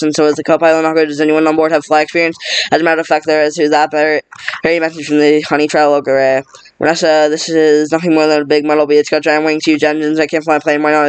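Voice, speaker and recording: Male reader, speed-reading a screenplay, very clear voice, little pitch movement. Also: no room sound. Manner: rushed, stumbling reading with restarts. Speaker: script reader. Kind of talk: fast read-through of a film script.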